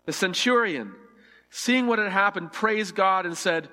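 A man's voice: high-pitched, animated, unhurried, sharp tone, in a large hall. A man preaching a sermon, earnest and vivid, acting out the scripture dialogue with shifting emphasis. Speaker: pastor.

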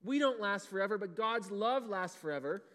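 A man in his thirties leads an animated children's sermon, tossing questions out to the young listeners as he goes. His voice sits high and carries. A long reverb trails behind each phrase, as if he stands in a large hall. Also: normal speed. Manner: animated, asks the kids questions. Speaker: children's pastor. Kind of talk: kids' sermon.

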